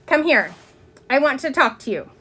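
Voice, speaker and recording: A woman doing a gentle teacher. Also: high-pitched, animated, normal speed. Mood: calm.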